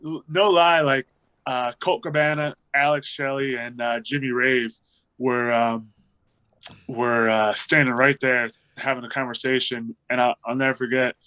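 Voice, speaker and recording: A man in his thirties, a wrestler casually telling an animated story in an interview and acting out the quotes. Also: medium pitch, a little slow, clear, resonant tone, low-quality recording. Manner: animated storyteller, acts out quotes, laughs often.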